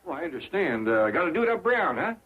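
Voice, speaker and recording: An actor playing a kindly, easygoing old backwoods patriarch with a drawl, folksy and calm, in 1960s sitcom style. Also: male voice, on the high side, fast. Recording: tinny old TV audio with hiss.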